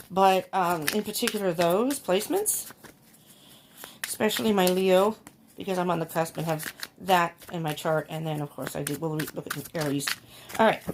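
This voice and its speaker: A woman's voice: lowish voice, moderate pace, a little hiss or hum. A woman giving a casual tarot reading to her viewers, thinking aloud with many ums and laughing often. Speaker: tarot reader.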